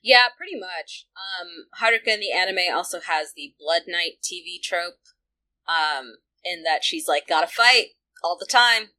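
A woman co-hosting a casual fan podcast, chatty and animated, with many fillers and asides. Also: lowish voice, unhurried. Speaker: podcast co-host.

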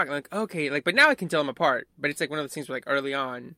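Bright, dry-sounding chatty man. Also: on the high side, animated, rapid-fire, no room sound. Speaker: podcast co-host. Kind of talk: casual chat about music.

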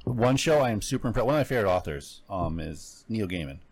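A man's voice: on the low side, expressive, fast talker, darkish tone. A man talking casually about shows, rambling with many fillers and restarts. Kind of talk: casual chat.

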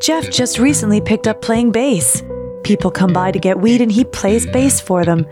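A woman's voice: medium pitch, moderate pace. A woman narrating a mock public service announcement in an earnest, mock-serious way. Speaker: PSA narrator. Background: guitar music.

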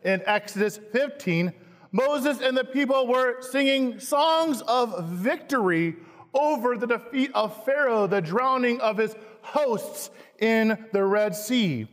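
A man, a pastor, preaching a sermon slowly and emphatically, acting out quoted lines with dramatic stress. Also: very high voice, lively intonation. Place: church sanctuary. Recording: long hall reverb, church sanctuary.

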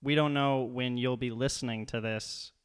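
A man's voice: medium pitch, steady tone, moderate pace, clear, resonant tone. A young man co-hosting a podcast, joking and rambling with lots of swearing. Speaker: podcast co-host. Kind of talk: casual profane chat.

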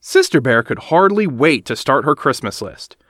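Animated man reading a storybook. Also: mid-range voice, normal speed, dry recording, studio quality. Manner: animated, expressive. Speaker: narrator. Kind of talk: children's storybook read-aloud.

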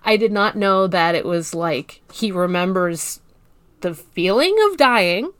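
A woman's voice: on the low side, expressive, a little slow, a bit bright, dry recording. Musing woman chatting, dry close sound. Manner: musing, hesitant, laughs easily. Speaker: podcast co-host. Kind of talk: casual podcast chat.

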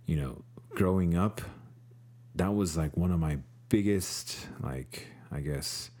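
Man, very low voice, laid-back rambling chat, lots of fillers, podcast co-host. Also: slow pace, dark tone. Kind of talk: casual chat.

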